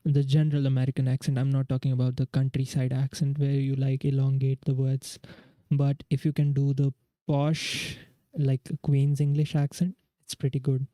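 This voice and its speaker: A man's voice: medium pitch, monotone, normal speed, warm tone, dry recording. A young man from India, streaming live and thinking aloud as he works through quiz questions in casual chat. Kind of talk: casual livestream chat while studying.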